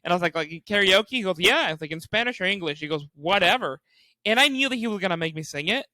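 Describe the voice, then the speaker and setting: A young man, a stand-up comedian and podcast co-host, telling animated stories with lots of swearing and acted-out quotes. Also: high voice, racing, no echo. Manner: animated, acts out quotes, swears often, laughs while telling. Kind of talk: casual storytelling chat.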